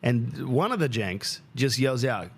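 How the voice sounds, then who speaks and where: A man tells a story in a loose, animated monologue. His pitch swings widely as he gets caught up in it, and he swears freely and acts out the people he met along the way. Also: unhurried, slightly rough. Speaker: podcast host.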